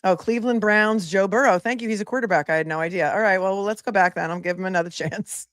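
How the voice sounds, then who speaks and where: A woman's voice: mid-range voice, quick pace, dry recording. Sassy, chatty woman host, dry sound. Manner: chatty and sassy, laughs often, calls viewers honey. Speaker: attorney hosting trial commentary stream. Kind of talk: casual live commentary.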